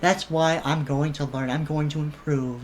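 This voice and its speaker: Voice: mid-range voice, steady tone, normal speed, slight background noise, natural voice. A commentator mocking a whiny middle-aged man who begs for money, in a mocking, whining tone. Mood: mocking whine.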